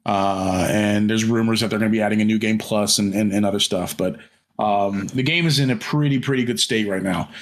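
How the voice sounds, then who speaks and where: A man's voice: fairly low pitch, brisk. A man co-hosting a podcast in casual chat, rambling with many fillers and restarts and some casual swearing. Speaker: podcast co-host.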